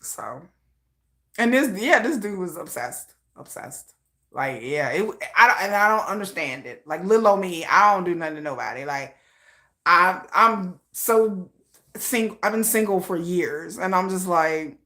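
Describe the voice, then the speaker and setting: A woman hosting a casual livestream from home, telling a story in animated, slangy talk and acting out the voices of other people. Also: lowish voice, measured pace. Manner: animated, slangy, acts out quoted voices with laughs. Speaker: livestream host.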